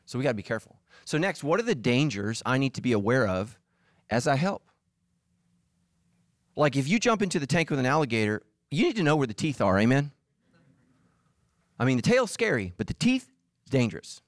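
Male pastor, middle-aged, comic sermon, lively up-and-down voice, dry close sound. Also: mid-range voice, a little fast, pauses often, no echo. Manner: animated, acts out voices and quotes. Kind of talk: humorous sermon.

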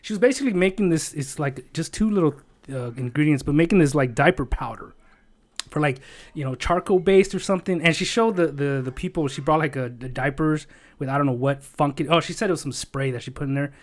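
A man's voice: a little high, a little fast. A man in casual chat, telling a long rambling story with lots of swearing, fillers and emotion.

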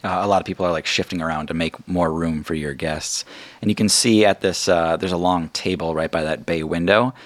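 A man's voice: sits low, steady tone, a little fast, dry recording. A man narrating as game master in a tabletop game, talking in a casual and rambling way with many fillers.

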